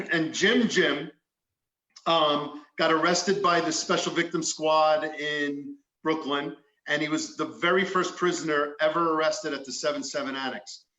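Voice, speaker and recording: A man's voice: on the high side, measured pace, pushed and bright, reverberant, highs cut off. A man, a former police detective, telling a story in a podcast chat, acting out quotes and swearing freely.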